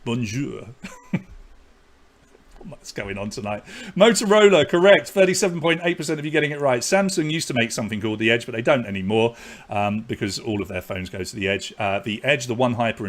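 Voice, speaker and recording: A man's voice: medium pitch, animated, fast talker. A man with an English accent hosting a live online pub quiz, reading questions and scores with chatty, jokey asides. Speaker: quiz host.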